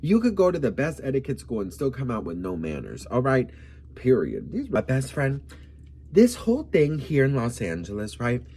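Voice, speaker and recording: A man from Miami with Colombian roots tells a story to camera in a sassy, campy vlog voice. His pitch swings widely as he gets animated, and it sits at an ordinary middle height. A faint hum of room ambience stays behind him. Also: moderate pace. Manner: sassy, campy, animated, calls the viewer "girl" and "bitch". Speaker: vlogger.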